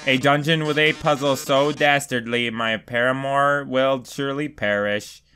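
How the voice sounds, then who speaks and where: A man's voice: mid-range voice, fairly even intonation, measured pace, bright, forceful tone, smooth, soft background music. A man voicing a flamboyant male robot TV star with a dramatic, purring delivery, reading game dialogue aloud. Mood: theatrical.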